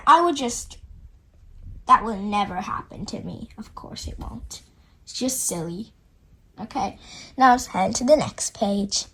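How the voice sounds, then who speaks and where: A woman's voice: medium pitch, lively intonation, takes it slowly, rough recording. A woman reading a children's storybook aloud, making chatty asides to her young listeners.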